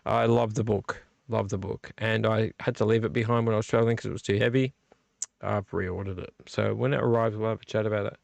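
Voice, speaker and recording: A man's voice: on the low side, steady tone, fast, vocal fry, no echo. Tipsy man rambling on a late stream. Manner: rambling, teasing a viewer by name. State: tipsy from drinking. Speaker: vlog host. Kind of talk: late-night live stream chat.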